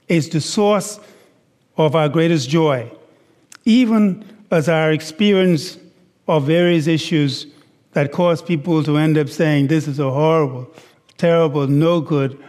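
A man preaching a sermon, slow and deliberate, stressing words and asking the congregation rhetorical questions. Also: on the high side, darkish tone. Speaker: pastor. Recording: long hall reverb.

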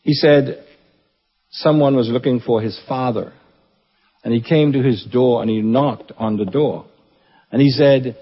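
A man giving a funeral eulogy at his church, earnest and reverent with touches of gentle humor. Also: medium pitch, moderate pace, slightly rough. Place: church assembly hall. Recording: dull, echoey church hall recording.

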